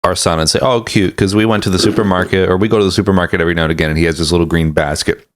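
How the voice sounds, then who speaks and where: A man co-hosting a casual podcast, rambling and quick to get worked up. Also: deep voice, fairly even intonation. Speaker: podcast co-host. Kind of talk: casual chat.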